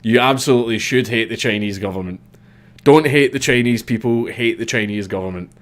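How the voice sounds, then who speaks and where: A man's voice: medium pitch, fairly quick. A Scottish man in his thirties hosting a casual livestream, reading viewer comments and answering bluntly with swearing and repeated false starts.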